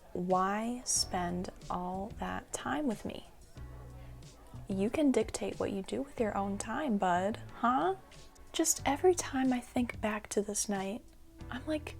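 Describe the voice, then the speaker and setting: A young woman telling a storytime on her vlog in a sassy, rhetorical, animated way. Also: fairly high pitch, gravelly. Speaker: vlogger. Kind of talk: casual storytime monologue.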